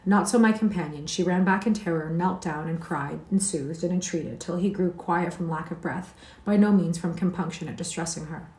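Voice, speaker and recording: A woman reading a classic novel aloud on a livestream, steady with occasional slips, in an echoey room. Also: on the low side, fairly quick, few pauses. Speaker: audiobook reader.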